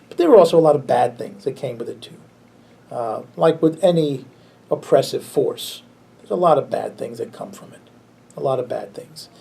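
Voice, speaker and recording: Creaky-voiced pastor teaching a class. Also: male voice, mid-range voice. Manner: relaxed, chuckles often, frequent restarts. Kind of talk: conversational Bible class teaching.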